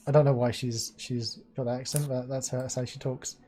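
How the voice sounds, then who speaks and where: A woman hosting a live stream in casual chat, reacting quickly to her guest. Her voice is low, dark and mellow, with a husky edge. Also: little pitch movement, soft background music. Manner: chatty, reacting with quick wows. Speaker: host.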